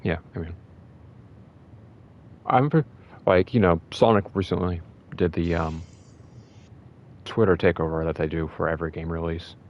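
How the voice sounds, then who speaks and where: A man co-hosting a casual gaming chat, rambling and excitable, often breaking into laughs. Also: low-pitched, moderate pace, pauses often, muffled recording. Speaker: podcast co-host.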